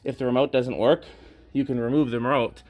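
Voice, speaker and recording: A man chatting casually while filming in a thrift store stockroom, out of breath, excited and thinking aloud. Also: mid-range voice, fairly quick, dry recording. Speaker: vlogger, ceiling fan collector. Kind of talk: casual walk-through chat.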